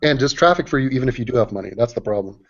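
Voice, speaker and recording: A man hosting a casual group video call, talking in an animated, profane, rambling way. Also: mid-range voice, racing. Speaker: host. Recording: dull lo-fi call audio.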